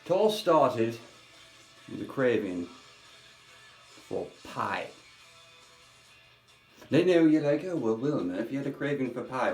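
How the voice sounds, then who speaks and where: A man's voice: mid-range voice, lightly acted. Guy doing a rambly, dramatic old lady, voice swoops all over the place, echoey room with faint music. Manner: theatrical, rambling, with big swings between loud outbursts and hushed asides. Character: eccentric, melodramatic older woman who rambles. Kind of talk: comic character monologue. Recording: roomy echo with faint music.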